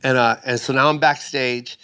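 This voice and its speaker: A middle-aged man tells a story on a casual podcast, full of energy. When he acts out other people's lines, his voice jumps up high and gets loud. His own voice sits at an ordinary pitch. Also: steady tone, normal speed, clear, resonant tone. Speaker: guest comedian.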